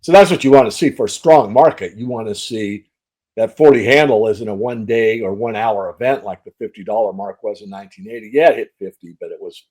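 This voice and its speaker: A man's voice: lowish voice, fairly quick, a little mellow. A man answering interview questions as a metals analyst, talking in a conversational and emphatic way. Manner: conversational, emphatic, with fillers and restarts.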